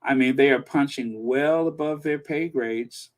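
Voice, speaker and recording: A man's voice: medium pitch, unhurried. A man hosting a royal news channel, reading viewer comments in a rambling, self-amused casual chat.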